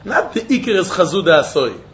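Male Talmud teacher, high and very expressive voice, animated. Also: a little fast, a little hiss or hum. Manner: animated, acts out quotes, mixes in Yiddish and Hebrew terms. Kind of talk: Talmud lesson. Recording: dull lo-fi recording.

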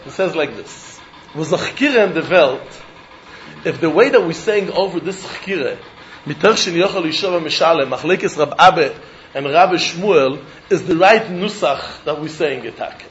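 A man teaching a Talmud lesson in an animated, sing-song study cadence, often laughing as he argues. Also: on the high side, moderate pace, dull audio, slight background noise.

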